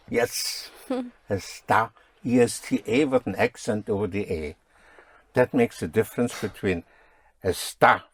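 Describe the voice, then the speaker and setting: A man teaching a spoken language lesson, patiently drilling and correcting his students. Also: mid-range voice.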